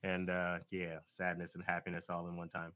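Bright, jokey man on a podcast. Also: sits low, monotone, moderate pace. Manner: jokey, laughing, theatrical asides. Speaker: podcast co-host. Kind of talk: casual sports podcast banter.

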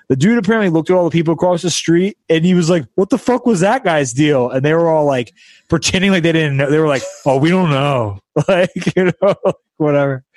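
A man's voice: a little high, no echo, studio quality. A young man hosting a podcast, telling a story in a rambling, casual way with lots of fillers and restarts, recorded at a friend's house. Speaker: podcast host.

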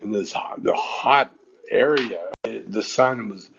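A man's voice: on the low side, takes it slowly, creaky, a little hiss or hum. A man telling stories as a podcast guest at home, laughing often as he talks. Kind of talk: casual storytelling. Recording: slightly dull lo-fi recording.

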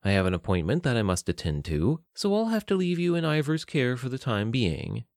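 A man's voice: medium pitch, big pitch swings, brisk, darkish tone, no echo, clean studio sound. A man voicing a smug, scheming male captor who speaks with mocking, false politeness.

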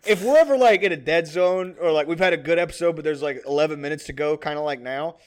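A man's voice: fairly high pitch, fast. A man in his twenties co-hosting a podcast, chatting casually in a rambling, profane way with lots of "like". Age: 20s. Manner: rambling, profane, many fillers. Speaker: podcast co-host.

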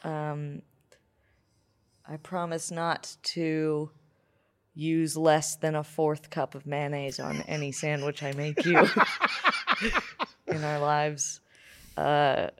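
A young woman co-hosting a comedy podcast, joking playfully with dry, drawn-out delivery and frequent laughter. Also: low voice. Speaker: podcast co-host. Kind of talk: casual comedic chat.

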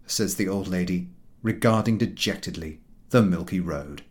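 A man's voice: low voice, moderate pace. A man reading a humorous book aloud in a dry, ironic way. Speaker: audiobook reader.

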